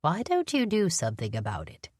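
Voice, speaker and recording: A woman's voice: sits low, huge pitch swings, a little fast, darkish tone, no room sound, studio quality, heavily acted. Woman doing a blunt, frail old lady. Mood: wry. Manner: wry and teasing. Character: frail, blunt, sharp-eyed old woman, sick in bed. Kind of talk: audiobook character voice.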